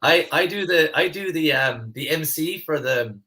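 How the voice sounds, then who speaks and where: A man hosting a live online masterclass as a mentor, earnest and animated, often repeating words as he starts a phrase. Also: on the high side, moderate pace. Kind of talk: live online coaching class.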